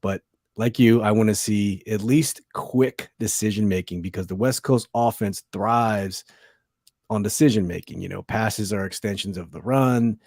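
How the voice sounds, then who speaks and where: A man's voice: on the low side, normal speed, darkish tone, no room sound, clean studio sound. A man hosting a sports podcast, chiming in with agreement and reading names from the live chat. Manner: affirming, reads out chat names. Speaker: podcast host. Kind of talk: casual sports talk.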